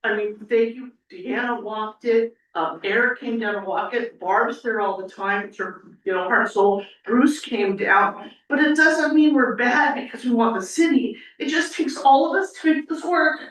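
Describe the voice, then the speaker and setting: A woman's voice: fairly high pitch, normal speed, a bit bright. A woman giving an earnest, rambling public comment at a city council meeting, tearful as she speaks. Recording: echoey council chamber, mic at a distance.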